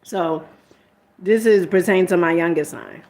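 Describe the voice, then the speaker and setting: Exasperated middle-aged mom vlogging. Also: female voice, lowish voice, moderate pace, darkish tone. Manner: rambling and candid, retells arguments and quotes herself; exasperated motherly lecturing tone. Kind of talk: casual personal storytelling.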